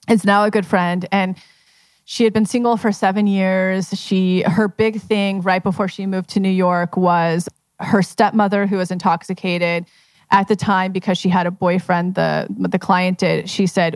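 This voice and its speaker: A woman's voice: mid-range voice, vocal fry, dry recording. A young woman coaching at a live question session, chatty, often laughing and acting out voices as she talks. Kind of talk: live Q&A talk.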